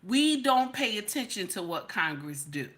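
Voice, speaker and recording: A woman reacting on a livestream in animated, exclamatory talk, repeating "okay?" often. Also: mid-range voice, normal speed. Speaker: livestream host. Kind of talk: casual reaction commentary.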